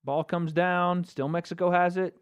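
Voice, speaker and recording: An American man giving an excitable live reaction to a football match as a YouTube host, swearing and breaking into shouts. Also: high voice, normal speed, clear, resonant tone. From United States.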